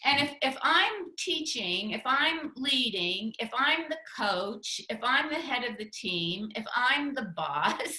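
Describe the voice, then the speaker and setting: Woman workshop speaker, bright, slightly high voice, chatty with restarts, echoey room. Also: lively intonation, takes it slowly, few pauses. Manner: chatty, laughs often, many restarts. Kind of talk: teaching talk with spouse.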